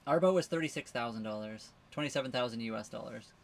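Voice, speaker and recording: A man's voice: medium pitch, fast talker, vocal fry. A man co-hosting a casual livestream from his sailboat, answering viewer questions in a rambling way, full of fillers and restarts. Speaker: livestream co-host living on a sailboat.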